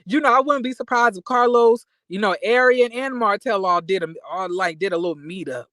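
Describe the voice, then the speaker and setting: A man vlogging reality TV commentary in an animated, emphatic, profane rant with quick apologetic asides. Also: high voice, no echo.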